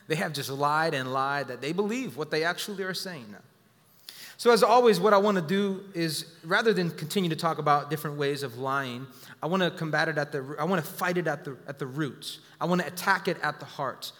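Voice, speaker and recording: A man's voice: fairly high pitch, a little fast, a bit bright, in a large hall. A man preaching a sermon as pastor, emphatic and repeating key phrases to the congregation.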